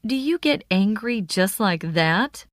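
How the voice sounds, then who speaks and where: Slow, steady woman reading phrases. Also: medium pitch, no room sound, studio quality. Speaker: phrase reader.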